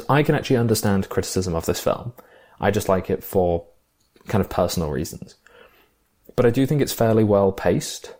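A man's voice: on the low side, warm tone. A man co-hosting a casual film discussion podcast, talking with enthusiasm and thinking aloud with fillers and restarts.

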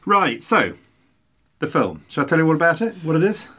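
A man's voice: fairly high pitch, very animated, normal speed, pushed and bright, slightly rough. A man co-hosting a podcast, chatting casually and rambling through jokey, self-mocking anecdotes. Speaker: podcast co-host.

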